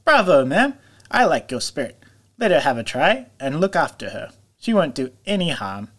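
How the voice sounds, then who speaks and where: A man doing a hearty, kindly gentleman. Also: on the high side, big pitch swings, normal speed, pitched above the performer's own voice.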